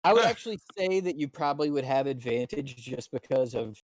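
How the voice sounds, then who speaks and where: A man narrating as dungeon master of a tabletop game, descriptive and halting, with fillers and restarts. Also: medium pitch, animated, a crowd in the background.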